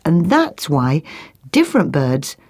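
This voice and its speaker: Slow, lilting woman storyteller. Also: sits low, wildly swooping pitch, a little mellow. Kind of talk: storybook reading.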